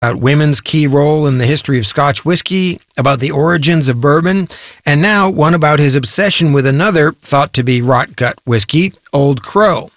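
A man reads a news feature in a steady, measured voice. The sound is close and dry, with no room around it. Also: on the high side, no echo. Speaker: radio reporter. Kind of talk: scripted news report.

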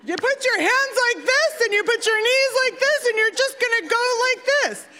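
A woman's voice: fairly high pitch, expressive, rapid-fire, a bit bright. A woman playing an eager, hopeful father coaching his daughter through a dive, with pumped-up, coaxing instructions. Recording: long hall reverb.

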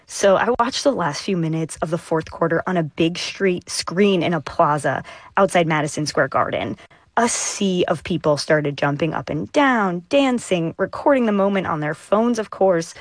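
A woman reporter with a lowish voice describes what she saw in vivid detail, talking with the host. Her voice sounds dry and close, with no room around it. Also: expressive, moderate pace, no room sound. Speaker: radio reporter. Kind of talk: live news interview.

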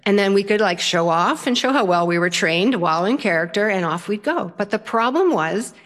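An older woman storyteller, lively and self-mocking as she tells a funny personal story on stage. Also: medium pitch, a little fast, few pauses.

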